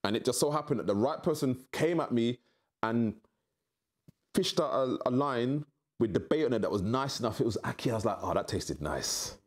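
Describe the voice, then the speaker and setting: A middle-aged man telling his story candidly in an interview, acting out quoted voices with big jumps in pitch. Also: brisk. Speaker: interview guest.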